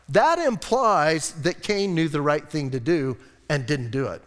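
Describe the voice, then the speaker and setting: A man preaching a casual, animated sermon as pastor, acting out voices in the quotes. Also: high-pitched, measured pace, few pauses, in a large hall. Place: church hall.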